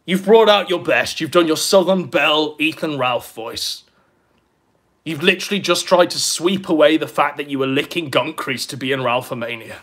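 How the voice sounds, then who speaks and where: A man's voice: on the high side, moderate pace, a bit bright. A man giving crude, profane, mocking commentary on clips, sneering and taunting. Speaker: online commentator.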